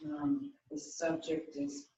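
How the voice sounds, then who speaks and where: A student answering in class, working through slowly with many pauses. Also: high voice, big pitch swings, vocal fry, mellow. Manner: slow, hesitant, many ums. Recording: echoey, distant, lo-fi classroom audio.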